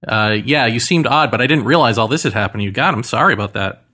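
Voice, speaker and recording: A man's voice: medium pitch, quick pace, sharp tone. A man in casual conversation, sympathetic and a little hesitant.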